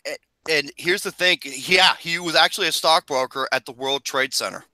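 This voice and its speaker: A man co-hosting a casual podcast, loud and excitable, laughing often and swearing freely. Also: on the high side, moderate pace, no room sound, rough recording. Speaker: podcast co-host.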